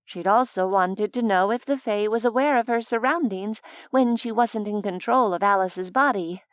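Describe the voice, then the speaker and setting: A woman narrating an audiobook in a measured, expressive storytelling voice, close to the mic. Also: medium pitch, clean tone, dry recording.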